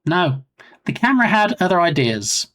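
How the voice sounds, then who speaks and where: A man's voice: high-pitched, very animated, moderate pace, a bit bright. A man chatting casually on a live game development stream, rambling and self-mocking.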